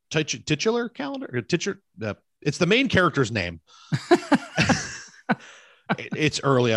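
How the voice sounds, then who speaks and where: A man's voice: mid-range voice, no echo. A man co-hosting a movie podcast from home over a video call, chatting loosely and stumbling over his words as he goes. His voice sits in a middle register, recorded close and dry with no room sound. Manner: rambling, self-correcting, chatty. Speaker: podcast co-host. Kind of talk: casual movie podcast chat. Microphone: remote video call recording.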